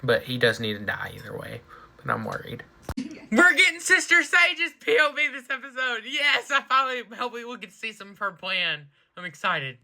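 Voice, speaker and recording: Excitable reaction vlogger talking over a show, bright punchy voice, middle pitch. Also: moderate pace, gravelly. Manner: excitable, gasps and shouts at surprises, keeps saying she's worried. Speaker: TV reaction reviewer. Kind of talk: casual episode reaction commentary.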